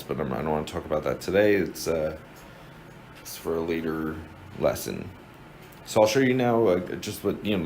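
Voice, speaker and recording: Explaining things step by step in a casual lesson, this man, a teacher from New Jersey, USA, with a New Jersey accent, restarts frequently and uses lots of fillers. His voice sits low and is a little mellow. The audio quality is poor, with some hiss or hum.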